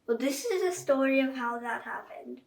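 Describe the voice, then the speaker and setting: A woman's voice: sits high, animated, normal speed, vocal fry. A woman reading a children's book aloud, chatting directly to young listeners. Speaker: children's story reader. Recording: echoey room, voice far from mic.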